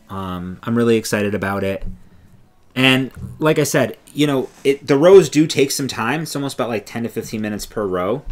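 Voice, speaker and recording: A man co-hosting a casual knitting podcast, talking with enthusiasm in a meandering way full of fillers. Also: on the low side. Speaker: podcast co-host.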